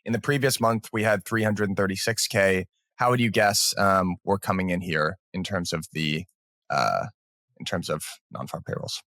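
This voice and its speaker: A man's voice: low-pitched, normal speed, a bit bright, dry recording, studio quality. A man hosting a markets podcast, walking through economic data in a conversational way with fillers. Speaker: podcast host. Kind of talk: casual market chat.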